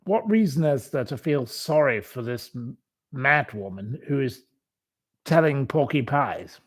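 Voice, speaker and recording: A man's voice: medium pitch, animated, a little slow. A man hosting a live stream, rambling and scornfully insulting the people he talks about.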